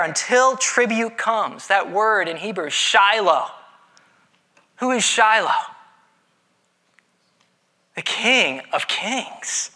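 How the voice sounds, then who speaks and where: A man preaching a sermon in a conversational way, with dramatic pauses and playful voiced asides. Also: high voice, sharp tone. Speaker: pastor.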